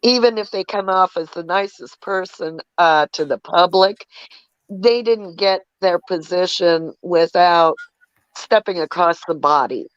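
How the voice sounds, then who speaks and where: A woman's voice: lowish voice, measured pace, clean tone, no echo, dull audio. A woman from the United States calling into a live stream, sharing her opinions in a casual, reflective way. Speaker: caller.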